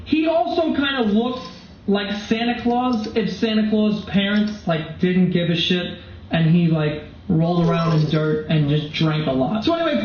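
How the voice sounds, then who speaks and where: A young man and comedian vlogger telling crude, animated stories full of swearing. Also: sits high. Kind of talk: comedic storytelling. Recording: very echoey dull recording with noise.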